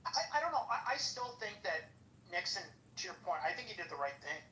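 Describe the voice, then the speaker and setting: Hesitant woman with a low bright voice. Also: big pitch swings, a little fast. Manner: hesitant, restarts often. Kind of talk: casual political chat. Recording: echoey room with faint noise.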